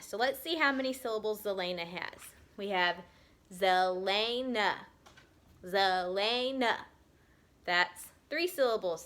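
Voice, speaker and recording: A woman teacher giving a recorded lesson to young children, patiently stretching out words so they can be heard clearly. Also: mid-range voice, a bit bright. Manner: slow, patient, drawn-out sounding of words.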